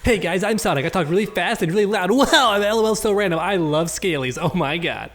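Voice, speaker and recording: A man doing a fast, loud, excitable impression of a random young man, pitched a little higher than his own voice. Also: music in the background. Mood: hyper.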